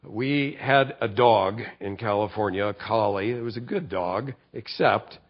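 A man's voice: fairly low pitch, measured pace, highs cut off. A middle-aged man preaching a sermon as a pastor, telling a personal story earnestly and often stammering on his first words.

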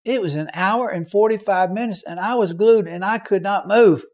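A man preaching to a congregation, his voice sitting a little higher than most men's. He tells stories with energy, acting out the voices of the people in them and breaking into shouts at the high points. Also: moderate pace. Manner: animated, acts out quoted voices and shouts. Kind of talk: sermon storytelling.

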